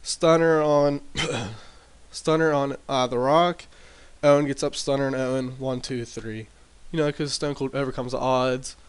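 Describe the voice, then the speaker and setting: A man at a middle pitch talks through his wrestling sim save in a loose, rambling way, full of fillers and self-corrections. His voice comes across smooth and clear through a desk mic with the gain turned up. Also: fairly even intonation, a little slow. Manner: rambling, filler-heavy recap. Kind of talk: casual commentary over gameplay. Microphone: desk mic with boosted gain.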